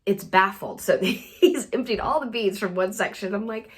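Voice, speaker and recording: A woman's voice: mid-range voice, expressive, normal speed, few pauses, breathy edge. A woman hosting a wellness podcast, telling a funny story in a casual monologue and laughing often as she talks. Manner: soft and soothing in a gentle wrap-up.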